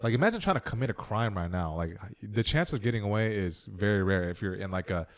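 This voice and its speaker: A man who is a comedian and editor, chatting on a podcast with quick joking reactions. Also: lowish voice, lively intonation. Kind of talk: casual podcast chat.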